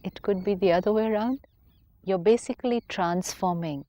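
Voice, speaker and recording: A woman, a spiritual teacher calmly explaining ideas on a counselling talk show. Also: mid-range voice, moderate pace, a crowd in the background. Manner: calm, explanatory, acts out inner dialogue.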